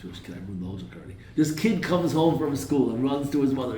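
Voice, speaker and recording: During a live Torah class, a man quotes Hebrew verses, translates them, and quizzes his students, slipping in the occasional joke. His mid-range, mellow voice comes rapid-fire with few pauses, and he sits far from the mic in an echoey room with faint noise.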